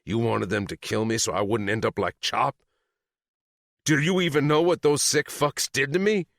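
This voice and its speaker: A man's voice: mid-range voice, steady tone, moderate pace, vocal fry, a bit bright, dry recording, clean studio sound, pitched above the performer's own voice. Man playing an angry, cursing young biker. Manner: harsh, cursing, confrontational. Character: angry young biker son, defiant and bitter. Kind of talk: audiobook character reading.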